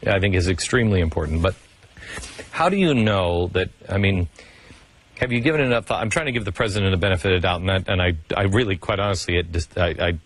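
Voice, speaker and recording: Husky male host with emphatic restarts. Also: sits low, quick pace. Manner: animated, stumbling restarts, emphatic. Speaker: radio host. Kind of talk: interview.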